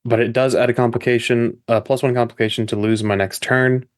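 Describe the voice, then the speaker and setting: A man at a tabletop game explains his moves in a casual way. He chats to himself as he counts his dice. His voice sits at an everyday middle pitch. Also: flat delivery, fairly quick. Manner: casual, chatty self-talk while rolling dice. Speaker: player.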